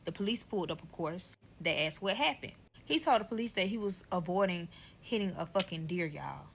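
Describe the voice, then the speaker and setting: A woman's voice: lowish voice, expressive, fairly quick, creaky, a bit bright, slightly rough. A young woman telling a story time vlog, profane and emphatic, acting out quotes. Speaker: storyteller in a clip.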